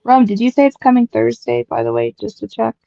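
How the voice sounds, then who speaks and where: A woman's voice: on the high side, very animated, a little fast, vocal fry, mellow, no room sound, highs cut off. A woman chatting casually with friends on a stream, teasing them and mimicking their voices. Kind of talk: casual chat.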